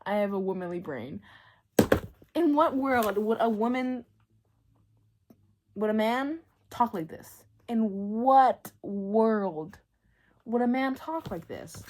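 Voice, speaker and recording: A woman giving a casual book talk as a vlogger, ranting in an animated, exasperated way with lots of fillers and bursts of laughter. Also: on the high side. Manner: breaks into laughter.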